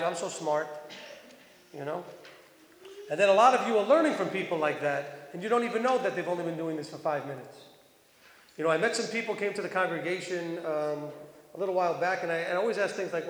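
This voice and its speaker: A man with a high voice preaches to a congregation in a relaxed, talkative way, reading verses aloud and turning to his listeners with questions. His voice rings out across a large hall with a long echo. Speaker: teacher of a congregation. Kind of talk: sermon. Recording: echoey hall.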